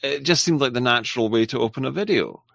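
A man hosting a casual livestream, reading viewer messages aloud in a halting, apologetic way. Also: medium pitch, vocal fry, a bit bright, no room sound. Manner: halting and apologetic, with frequent restarts and laughs. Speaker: livestream host.

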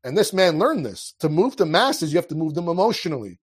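A man's voice: a little high, big pitch swings, a little fast, breathy edge. A man speaking as a guest in a casual conversation, earnest and impassioned, often restarting his sentences. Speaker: podcast guest.

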